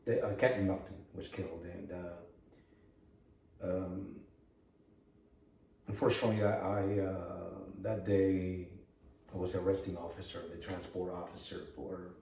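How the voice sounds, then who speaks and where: Man, low voice, halting speech full of fillers, podcast co-host, echoey room, distant mic. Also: little pitch movement, vocal fry, mellow, slight background noise. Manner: halting, with many fillers and restarts. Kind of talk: emotional interview talk. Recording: roomy sound, distant mic.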